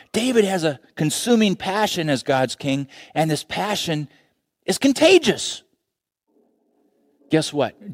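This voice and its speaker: Animated male preacher acting out voices. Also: no room sound, clean studio sound. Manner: animated storytelling, acting out voices with big pitch jumps. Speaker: pastor. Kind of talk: sermon.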